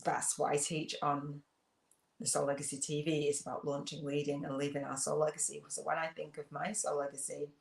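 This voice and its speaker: Gravelly, flat-voiced woman. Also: sits low, brisk, echoey room. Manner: rambling, reflective, with many fillers and restarts. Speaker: host of a spiritual business channel. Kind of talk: casual livestream monologue reading viewer comments.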